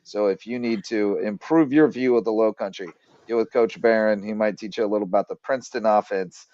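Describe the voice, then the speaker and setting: A man's voice: fairly low pitch, fairly quick, darkish tone, no echo, muffled recording. A man hosting a casual sports podcast, telling stories and reading sponsor plugs in a chatty, joking way. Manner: chatty storyteller, jokey, reels off sponsor plugs. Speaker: podcast host.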